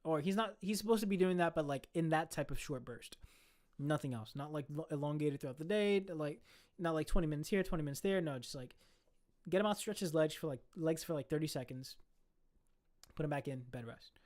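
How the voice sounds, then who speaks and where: A young man casually telling a story, animated and profane, full of slang. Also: on the high side, brisk.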